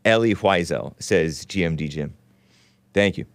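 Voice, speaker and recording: A man's voice: low-pitched, measured pace, dry recording. A man hosting a casual call-in talk show, rambling and sarcastic, reading news aloud with his own running commentary and stumbling over names.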